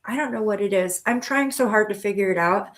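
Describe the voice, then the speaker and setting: Speaking fairly quickly in a mid-range voice, a middle-aged woman hosts spiritual readings live. Her casual chatter is peppered with fillers and restarts, and she reassures viewers with pet names such as honey and sweetheart.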